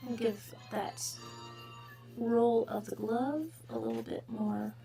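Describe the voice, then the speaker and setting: A woman's voice: on the high side, steady tone, slow pace, gravelly, mellow, soft background music. A woman hosting a drawing livestream, chatting casually and rambling, sometimes dropping into whispers. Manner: rambling, self-mocking, trails into whispers. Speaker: livestream host drawing requests.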